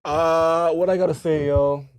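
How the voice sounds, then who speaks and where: A man's voice: a little high, steady tone, a little slow, clean tone, no room sound. Laid-back slangy young man podcaster. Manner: laid-back slangy, lots of "bro" and laughing. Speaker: podcast co-host. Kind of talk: casual chat.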